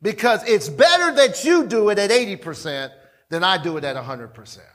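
A pastor preaching a sermon in a church, talking conversationally, repeating himself and calling on the congregation. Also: male voice, sits high, lively intonation, a little fast, a bit bright. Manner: conversational, repetitive, calls on the congregation.

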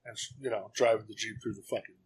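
A man's voice: lowish voice, steady tone, quick pace, a little hiss or hum, poor audio. A man co-hosting a podcast, chatting loosely and swearing as he retells scenes. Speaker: podcast co-host. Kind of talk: casual chat reviewing a sitcom episode.

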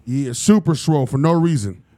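Podcast host man, slightly high voice, joking loud banter, crowd chatter behind. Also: lively intonation, moderate pace. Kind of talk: casual chat.

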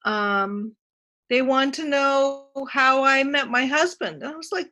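A woman who teaches writing talks through her memoir as a guest. Her voice is bright and somewhat high, and she often stops and restarts her phrases as she thinks. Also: takes it slowly. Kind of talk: casual interview chat.

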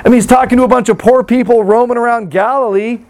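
A man's voice: extremely high pitch, fairly even intonation, fast, a little mellow. A man giving a casual, conversational sermon and reading scripture, self-deprecating and given to acting out mocking replies. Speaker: pastor.

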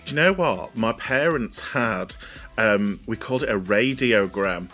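A man's voice: fairly low pitch, animated, measured pace, sharp tone, faint music behind. A man from the UK guesting on a podcast over a remote call, reminiscing in a jokey way.

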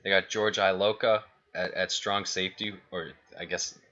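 A man's voice: deep voice, steady tone, normal speed, sharp tone. A man co-hosting a sports podcast in casual, opinionated chat, running through team stats. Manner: chatty, opinionated, rattles off stats. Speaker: podcast co-host. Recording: dull lo-fi podcast audio.

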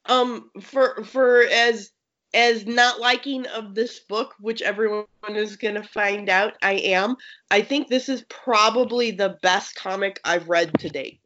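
A woman co-hosting a casual review chat, out of breath from being sick, talking quickly with many restarts. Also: medium pitch, fairly even intonation, a bit bright. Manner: rapid, rambling, lots of restarts and fillers. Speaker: podcast co-host reviewing a game book. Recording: slightly muffled lo-fi audio.

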